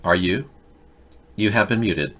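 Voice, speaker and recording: A man hosts a sarcastic political talk show in a lowish voice. He mocks and rants, jumping from bit to bit with a scornful edge. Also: measured pace, a bit bright. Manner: mocking, sarcastic, jumps between bits and rants. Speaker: host.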